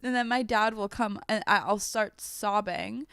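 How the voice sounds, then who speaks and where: A woman's voice: medium pitch, a little slow, fairly bright tone, clear, resonant tone, dry recording, studio quality. A young adult woman hosting a podcast, telling stories candidly and self-deprecatingly, often laughing at herself. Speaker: podcast host. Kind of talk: casual chat.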